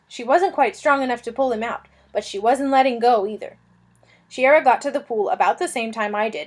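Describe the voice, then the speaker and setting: Woman reading aloud, expressive, slightly high voice, storybook. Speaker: reader. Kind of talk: reading a children's novel aloud.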